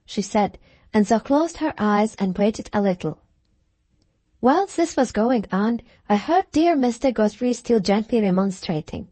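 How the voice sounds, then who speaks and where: A woman narrating a classic novel as an audiobook, with a measured, expressive first-person reading. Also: on the high side, no room sound.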